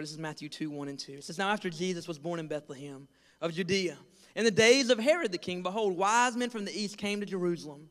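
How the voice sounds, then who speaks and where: A young man preaching as a pastor, telling a funny story and acting out voices with lively, self-deprecating energy. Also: high voice, long reverb tail. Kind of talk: storytelling sermon. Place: large church hall.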